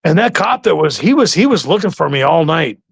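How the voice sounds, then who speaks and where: A man's voice: on the high side, very animated, brisk, creaky, husky, dry recording. A man hosting an interview, telling a long story in a rambling, casual way with many restarts. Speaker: interview host.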